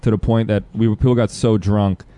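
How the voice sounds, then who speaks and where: Deep, mellow-voiced man hosting casual chat. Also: steady tone, fairly quick, clear, resonant tone. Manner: rambling, jumps between topics, laughs often. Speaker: podcast host.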